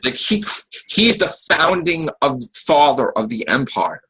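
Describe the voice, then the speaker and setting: A man co-hosting a casual fan podcast, talking in an animated way, swearing and acting out what people said. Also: fairly high pitch, measured pace, husky, poor audio. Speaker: podcast co-host.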